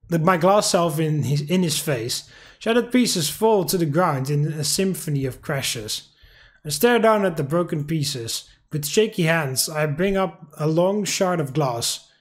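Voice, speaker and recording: Fairly high-voiced man reading a game aloud. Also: expressive, unhurried, faint music behind. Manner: earnest, emotional reading with wry joking asides. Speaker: video game let's player. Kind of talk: dramatic reading of a visual novel with asides.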